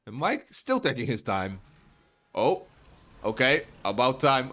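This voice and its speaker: A man casting a real-time strategy match live, chatty and quick to burst into excited shouts. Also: medium pitch. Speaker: esports caster. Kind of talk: live play-by-play game commentary.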